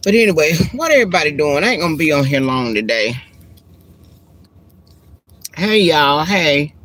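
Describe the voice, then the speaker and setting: Sitting in her car, a woman chats with live stream viewers through a handheld phone camera, calling them girl and honey. Her low-sitting, fairly bright voice is animated and moves at normal speed, with a folksy, chatty manner.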